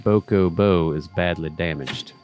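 A man's voice: deep voice, unhurried, music in the background. A man hosting a let's play, chatting casually through his gameplay and talking to the game characters and his viewers.

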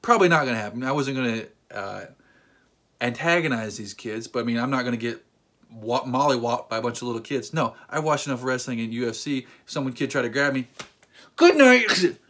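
A thirties-aged vlogger speaks fast in a mid-range voice while spinning a story. He goes on joking rants, stays animated, and performs character voices along the way.

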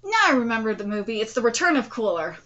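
Bright-voiced, excitable woman streamer. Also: a little high, fast, muffled recording. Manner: excitable, profane, gushing fan. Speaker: manga reaction streamer. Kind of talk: live reaction stream, casual chat.

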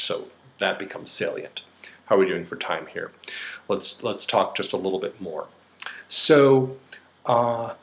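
A middle-aged man with a slight New York accent, explaining ideas in a casual lecture with frequent fillers and restarts. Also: fairly low pitch. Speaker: psychotherapist teaching a course.

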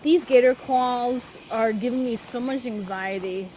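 A woman's voice: a little high, measured pace, darkish tone, faint music behind. A woman giving casual gameplay commentary, swearing and shrieking in panic as things go wrong. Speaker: gameplay streamer.

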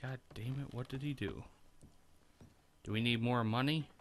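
A man hosts a let's play in casual gameplay commentary, thinking aloud, rambling, and swearing as he goes. His voice is medium-pitched at a moderate pace, with slight background noise.

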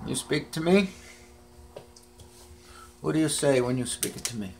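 A man's voice: medium pitch, a little slow, vocal fry, pauses often, background noise. A man at home filming on his phone, talking fondly to his cats in a casual way. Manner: talks to his cats in a fond, cooing way. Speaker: cat owner filming his pets. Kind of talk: casual home video chat. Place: at home indoors. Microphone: phone camera.

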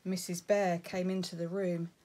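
A woman reading a children's picture book aloud, expressive and lilting. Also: lowish voice, normal speed. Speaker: storybook reader.

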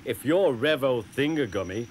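A man's voice: mid-range voice, lively intonation, normal speed, darkish tone, a little hiss or hum, close to an everyday voice. A man voicing a polite, clever male engine in a children's cartoon, with dry wit. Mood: wry.

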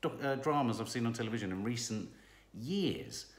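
Middle-aged male co-host, animated and teasing, echoey home room. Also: medium pitch, moderate pace. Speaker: co-host reviewing a TV drama. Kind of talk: casual review chat.

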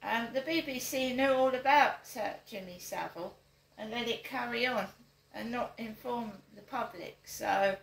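A woman's voice: on the high side, normal speed, creaky, echoey room, poor audio. An older woman, talking straight to camera, stressing her points and repeating them as rhetorical questions. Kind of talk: direct-to-camera monologue.

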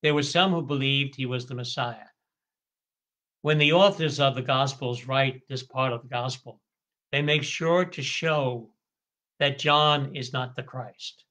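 A man, a priest, giving a slow, deliberate scripture study lecture, stretching key words and sometimes correcting himself mid-phrase. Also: medium pitch, sharp tone. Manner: occasional stumbles and self-corrections.

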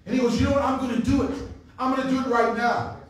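A man's voice: very high-pitched, fairly even intonation, fast talker. A man preaching a revival sermon as a guest preacher. He tells a personal story in a conversational way, with chuckles, fillers and restarts. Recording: echoey church hall, far from mic.

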